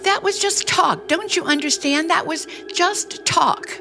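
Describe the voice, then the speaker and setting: Frightened, clinging Dory. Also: female voice, high-pitched, big pitch swings, a little slow, over music. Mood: anxious. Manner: nervous, pleading, stammering. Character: frightened young woman Dory, clinging and confused. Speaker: radio drama actress. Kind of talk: 1940s radio acting.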